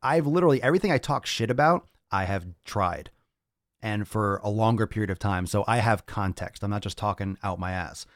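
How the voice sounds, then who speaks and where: A man's voice: on the low side, a little fast, no room sound, studio quality. A man hosting a casual fitness podcast, blunt and crude, joking and repeating himself as he rambles. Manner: repeats phrases, restless rambling delivery. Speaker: podcast host.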